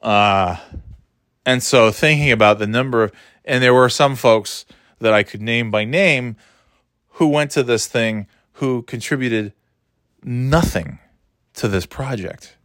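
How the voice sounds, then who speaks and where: A man's voice: mid-range voice, slow, pauses often, a bit bright, no room sound, studio quality. A tired, yawning man rambling sarcastically in a casual monologue, swearing freely and mocking himself. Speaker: vlogger.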